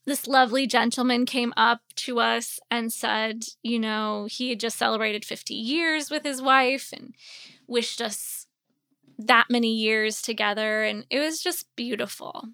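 A woman's voice: on the high side, a little slow, bright, forceful tone, clear, resonant tone, no echo, studio quality. A woman in her forties, a podcast host, telling a personal story in a candid, rambling way, a little sleepy and yawning. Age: 40s. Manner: candid, rambling, with many fillers.

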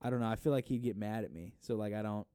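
A man's voice: on the low side, fast talker, warm tone, clear, resonant tone, no echo, clean studio sound. A young man in casual chat, rambling and swearing while watching a football match. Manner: rambling, swears a lot, bursts into mock voices.

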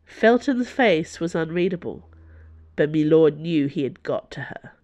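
Low-voiced woman narrating a story. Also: expressive, measured pace, darkish tone, muffled recording. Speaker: audiobook narrator. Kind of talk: scripted narration.

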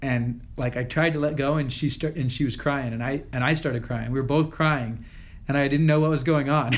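Earnest but halting, a man keeps breaking off and restarting sentences as he tells a personal story in a podcast interview. He is a company founder appearing as a guest, speaking in a steady, mid-range voice over dull lo-fi audio.

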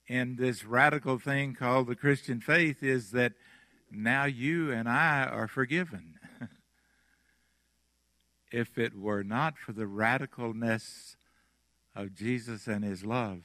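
A pastor from Mississippi with a Southern accent, preaching a sermon with slow, emphatic phrasing, dramatic pauses and softly trailing endings. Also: male voice, mid-range voice, no room sound.

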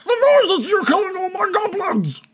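A man voicing an indignant goblin leader who shouts in a high, strained voice during a tabletop game. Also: big pitch swings, moderate pace, crowd noise. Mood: indignant shouting.

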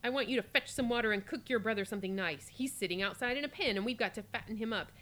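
A woman's voice: on the high side, quick pace, bright, forceful tone. A woman voicing a cruel, greedy old female witch who barks harsh orders while reading a fairy tale aloud. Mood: scolding.

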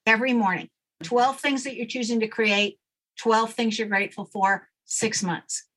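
A woman's voice: fairly high pitch, steady tone, normal speed, fairly bright tone. Confident woman guest explaining steps. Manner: confident, matter-of-fact instructions. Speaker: guest, manifestation coach. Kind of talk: instructional interview talk.

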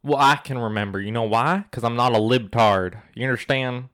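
A man's voice: mid-range voice, moderate pace, fairly bright tone. A man hosting a casual podcast, ranting satirically in a put-on Southern accent into a close mic. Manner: mock-ranting, over-the-top satirical persona. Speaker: podcast host. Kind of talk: casual comedic podcast chat.

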